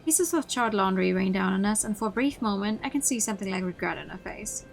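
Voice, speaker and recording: A woman streamer narrating a story game in the first person, with an even, mid-pitched voice. Her reading is expressive, with occasional stumbles and restarts. Music plays clearly behind her. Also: quick pace, rough recording. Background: background music.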